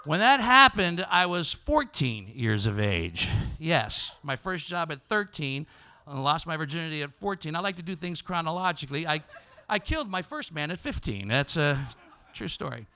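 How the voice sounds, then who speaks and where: A man hosting a comedy show, telling a self-mocking story on stage and breaking into loud, excited impressions of his younger self. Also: fairly high pitch, normal speed. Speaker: comedian host. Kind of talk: stand-up storytelling monologue. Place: on stage before a live audience.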